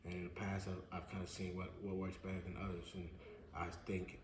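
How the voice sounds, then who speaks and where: Deep-voiced man in an echoey room. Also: completely flat delivery, a little fast. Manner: thoughtful, matter-of-fact with fillers. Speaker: co-host. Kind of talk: casual motivational talk. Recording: echoey room with ambient noise.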